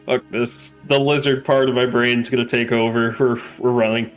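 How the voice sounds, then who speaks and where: A man at a tabletop game table, trading jokes and cracks in easygoing chat. His delivery is relaxed and playful. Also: medium pitch, normal speed, faint music behind. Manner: joking, wisecracking. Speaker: player.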